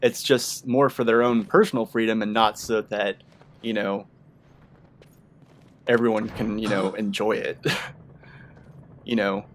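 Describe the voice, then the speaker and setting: A man's voice: fairly low pitch, fairly even intonation, a little slow, long pauses, a little hiss or hum. A young man giving casual, rambling gameplay commentary, full of filler words. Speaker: let's play commentator.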